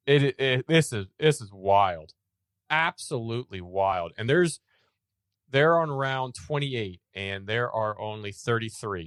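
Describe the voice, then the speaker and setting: A man's voice: mid-range voice, dry recording, studio quality. A man co-hosting a podcast, chatting enthusiastically about soccer with frequent restarts. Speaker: podcast co-host. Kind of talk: casual sports chat.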